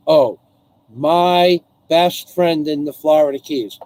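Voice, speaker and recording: A man hosting a casual live stream from home, rambling as he reads out viewer names and thanks donors, his voice hoarse from singing. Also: on the high side, slow pace, a little mellow, poor audio. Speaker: livestream host.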